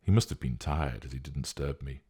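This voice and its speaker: A man's voice: a bass voice, brisk, dark tone, husky, exaggerated voice. A man reading a story, voicing a younger woman who brushes off worry on the phone. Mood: breezy.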